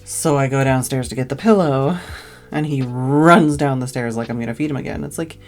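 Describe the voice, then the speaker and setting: A woman's voice: rumbling low, brisk, darkish tone, soft background music. A tired woman streamer telling a long, casual story, rambling and full of "like" fillers.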